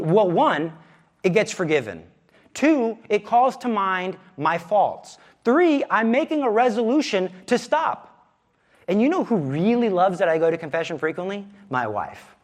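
A man in his thirties teaches a parish class as youth minister, talking in a conversational, self-deprecating way. His voice sits high and leaps around with lively inflection.

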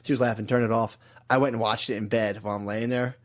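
A man's voice: medium pitch, fairly even intonation, quick pace. Crude, laughing young man. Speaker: podcast co-host. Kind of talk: casual chat.

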